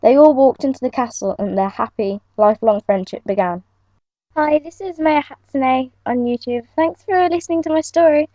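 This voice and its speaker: A woman's voice: high-pitched, moderate pace, mellow, dry recording. Young woman reading a storybook aloud. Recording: muffled lo-fi home recording.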